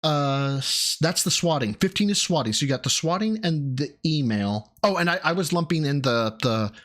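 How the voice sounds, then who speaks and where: A male streamer talks excitedly and quickly, cursing freely. He often stumbles and restarts his sentences as he reads viewer messages aloud. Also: a little high. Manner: excited, rapid, profane, with many restarts. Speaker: live streamer. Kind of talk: live stream commentary and chat reading.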